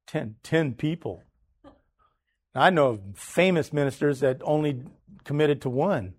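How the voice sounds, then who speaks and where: A man preaching, telling a story in an animated way, often restarting and repeating words. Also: mid-range voice, unhurried. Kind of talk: sermon storytelling.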